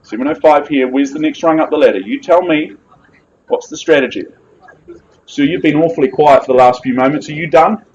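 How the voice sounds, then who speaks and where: A man's voice: on the high side, brisk, a little mellow, dull audio, a little hiss or hum. A man with a New Zealand accent calling a live property auction with jovial, persuasive patter.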